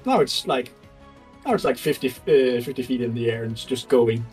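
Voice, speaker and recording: A man narrating as game master of a tabletop game, animated and laughing often, halting with fillers. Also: mid-range voice, soft background music, rough recording.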